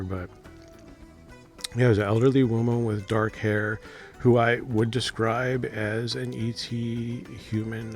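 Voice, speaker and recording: Low-voiced man musing on dreams. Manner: rambling, hesitant, with soft laughs. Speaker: dream vlogger. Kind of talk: casual monologue to camera.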